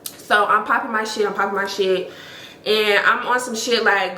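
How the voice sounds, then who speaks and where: A young woman, telling a story in a casual, animated way with lots of emphasis. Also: medium pitch, moderate pace, reverberant. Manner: animated, emphatic, heavy use of "like". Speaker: storytime vlogger.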